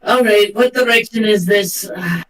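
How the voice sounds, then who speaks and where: High-voiced teasing man in a roomy echo. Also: measured pace, a bit bright. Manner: crude, teasing humor. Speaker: player. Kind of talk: casual chat at a tabletop game.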